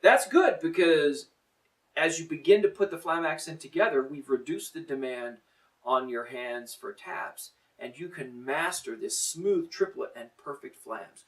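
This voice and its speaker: A man's voice: on the high side, a little slow, recorded from a distance, poor audio. A man coaching a drum lesson. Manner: encouraging, plain-spoken, coaching. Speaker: drum teacher. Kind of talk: instructional lesson, counting in.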